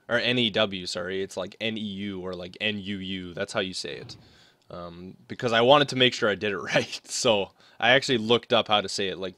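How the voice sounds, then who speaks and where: A young man giving casual commentary over a hockey video game, rambling and thinking out loud with lots of fillers. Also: fairly low pitch, dry recording. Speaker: gaming commentator.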